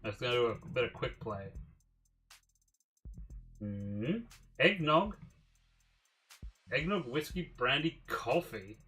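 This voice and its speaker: A streamer talks through his choices out loud, casual and now and then profane. His tone is bright and crisp, at a middling pitch. Soft music plays faintly behind him. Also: sing-song, slow, long pauses. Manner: musing aloud, mildly profane. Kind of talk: casual livestream commentary.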